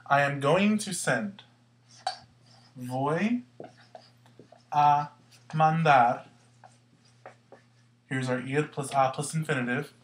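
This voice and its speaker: A man's voice: fairly high pitch, slow, long pauses. Patient man teaching a grammar lesson. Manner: patient, step-by-step explaining with questions. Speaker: Spanish teacher.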